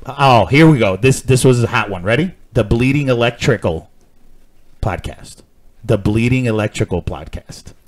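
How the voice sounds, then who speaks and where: A man's voice: medium pitch, expressive, moderate pace. Joking young man co-hosting a podcast. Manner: joking, laughs often, swears casually. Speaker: podcast co-host. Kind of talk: casual chat.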